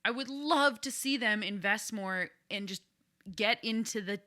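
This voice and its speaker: A woman's voice: mid-range voice, a little slow, sharp tone, no room sound, clean studio sound. A woman co-hosting a sports podcast, chatting in an enthusiastic, playful way. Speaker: podcast co-host. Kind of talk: casual sports chat.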